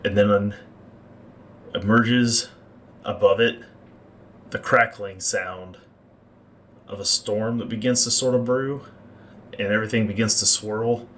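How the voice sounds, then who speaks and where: A man with a low, deep voice narrates a tabletop game as game master, building the scene unhurriedly. A faint hiss sits under his voice. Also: fairly bright tone. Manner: descriptive, unhurried scene-setting.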